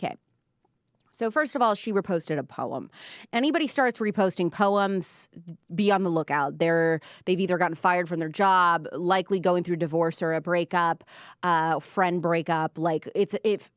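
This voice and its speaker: A woman's voice: fairly low pitch, normal speed, clean tone, no room sound, clean studio sound. A woman, hosting a live pop culture show in a chatty, sarcastic way with lots of fillers. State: out of breath. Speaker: host. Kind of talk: casual pop culture commentary.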